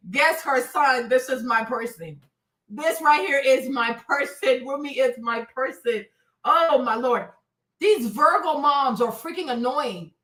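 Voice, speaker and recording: Female commentary host, sharp and animated, calling out to her viewers in an echoey room. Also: sits high, recorded from a distance. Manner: animated, talks to viewers directly, bursts into excited shouts. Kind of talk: casual celebrity gossip commentary.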